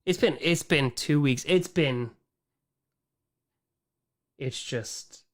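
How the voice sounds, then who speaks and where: A young man ranting on a live stream, animated and exasperated, trailing off and repeating himself as he talks. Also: a little high, drawn-out words.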